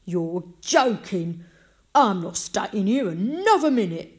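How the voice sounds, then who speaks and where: A woman voicing a fussy, easily disgusted grown man visitor who exclaims loudly and speaks icily. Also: medium pitch, big pitch swings, slow. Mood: outraged.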